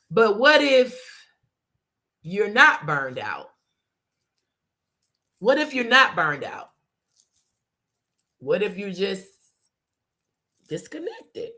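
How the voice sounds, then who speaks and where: A woman's voice: mid-range voice, sharp tone. A woman hosting a casual live talk, speaking emphatically and repeating her points, calling her listeners y'all. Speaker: host.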